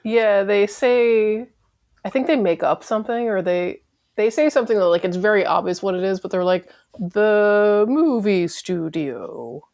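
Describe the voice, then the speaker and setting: A woman's voice: medium pitch, normal speed, a little mellow. A woman co-hosting a casual podcast chat, with a wry, opinionated way of talking. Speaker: podcast co-host.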